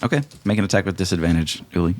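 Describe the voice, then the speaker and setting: Low-voiced male game master. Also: racing. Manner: casual, filler-heavy narration. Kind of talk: narrating a tabletop game.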